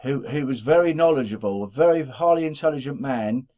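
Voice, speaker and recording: Brisk and mellow in a mid-range voice, a middle-aged man with a Black Country English accent co-hosts a laid-back podcast chat. He rambles and keeps starting his sentences over.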